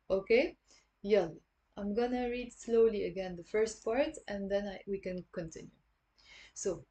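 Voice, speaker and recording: A woman with a Lebanese accent giving an online language lesson, patiently repeating words slowly for learners. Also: mid-range voice, a little mellow. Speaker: Arabic dialect teacher.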